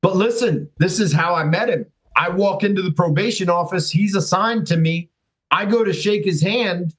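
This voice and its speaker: A man's voice: sits high, normal speed, a bit bright, rough recording. A man talking as a podcast guest, telling his story casually and animatedly, acting out quotes and swearing freely.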